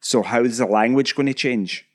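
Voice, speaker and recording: A man's voice: mid-range voice, normal speed. A man co-hosting a podcast in casual chat, rambling and self-deprecating. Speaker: podcast co-host.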